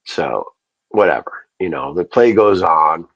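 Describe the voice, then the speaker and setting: Low husky-voiced man ranting profanely. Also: animated, a little slow, highs cut off. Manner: profane, rambling storytelling. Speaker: livestream host. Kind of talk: casual ranting livestream.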